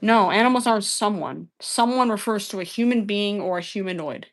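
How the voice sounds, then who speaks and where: A woman's voice: mid-range voice, a little fast. Profane, combative woman arguing with chat. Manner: repeats phrases over and over. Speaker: livestream debater. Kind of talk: heated livestream argument with chat.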